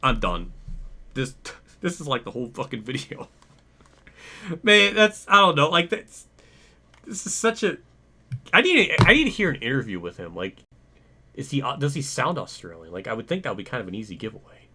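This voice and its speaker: Young male gaming host, casual rant over gameplay, exasperated and swearing, sharp forceful tone. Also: medium pitch, big pitch swings, normal speed, long pauses, slight background noise. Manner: exasperated, ranting, swears, laughs it off.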